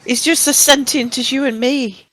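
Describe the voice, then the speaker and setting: A man's voice: very high voice, fairly even intonation, normal speed, pushed and bright. A man playing a tabletop game, giggly and playful. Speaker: player.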